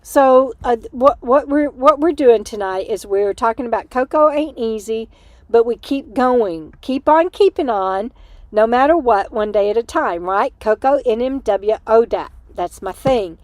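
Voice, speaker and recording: Older woman, livestream host, chatty and rambling, a little punchy from lack of sleep, higher voice, close dry sound. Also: a little slow, a little mellow, no room sound. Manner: chatty, giggly, rambling with many fillers. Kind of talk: casual livestream chat reading comments. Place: small room inside an RV.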